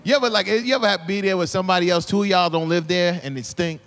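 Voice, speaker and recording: A man's voice: sits high, fast, a bit bright. A male stand-up comedian, performing a live set and acting out little scenes in exaggerated voices. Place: comedy club stage. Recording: live club recording with crowd laughter and noise. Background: laughing audience.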